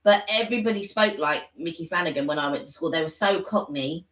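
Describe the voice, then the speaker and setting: A woman from the London area co-hosting a live stream, chatting casually in a loud, frank way. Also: low voice, fast, recorded from a distance. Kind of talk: casual chat. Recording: echoey room, a bit off mic.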